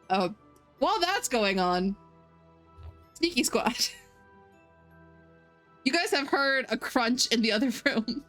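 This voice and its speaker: A woman's voice: medium pitch, fairly bright tone. A woman narrating as game master in a tabletop game, casual, with many fillers and laughs.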